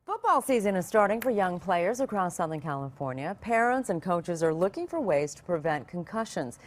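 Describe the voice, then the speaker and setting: News anchor lady, slightly low voice, crisp read. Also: very animated, moderate pace, dry recording. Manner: crisp scripted delivery.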